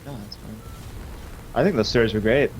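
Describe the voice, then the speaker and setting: A young man in his twenties, chatting and telling a high school story while streaming a game, animated and full of fillers. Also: fairly quick, slight background noise. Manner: animated, laughing, lots of fillers. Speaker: gaming streamer. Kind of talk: casual storytelling while gaming.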